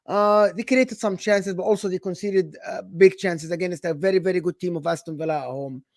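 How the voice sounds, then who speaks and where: Egyptian guy ranting about football, sarcastic, high voice, dry sound. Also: a little fast, no room sound. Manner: animated and sarcastic, with Arabic phrases mixed in. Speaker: football channel host. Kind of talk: casual football chat.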